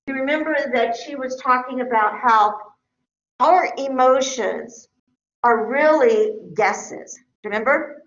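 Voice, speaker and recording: A middle-aged woman teacher with a fairly high, fairly bright voice lectures a class conversationally, often checking in with her listeners. The recording is echoey, with dull lo-fi sound.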